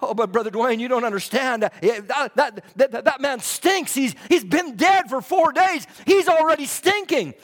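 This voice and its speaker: A man's voice: very high-pitched, expressive, normal speed, hardly any pauses, a bit bright. A man voicing a fussy, squeamish churchgoer who stammers out a doubtful objection, in a long hall reverb. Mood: protesting.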